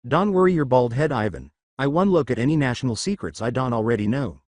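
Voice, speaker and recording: A man's voice: mid-range voice, lively intonation, quick pace, a little mellow, dry recording, close to an everyday voice. A man voicing a cheeky, brash Irish woman with an Irish accent. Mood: teasing. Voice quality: teasing, brash.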